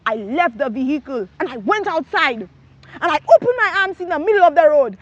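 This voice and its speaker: A woman preaching her personal testimony, emphatic, with rhetorical questions and bursts of shouting. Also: high-pitched, very animated, a little fast, no echo, dull audio. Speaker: testimony speaker.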